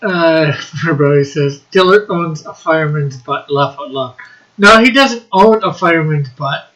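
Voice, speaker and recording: A man hosting a relaxed livestream on a computer mic. His voice sits a little high and sounds bright, and he talks slowly, stopping to read the chat aloud and laugh. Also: poor audio. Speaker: livestream host.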